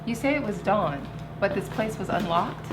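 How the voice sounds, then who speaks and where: An actress playing a skeptical, dry reporter questioning a story. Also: female voice, mid-range voice, animated, moderate pace, over loud music, natural voice, poor audio.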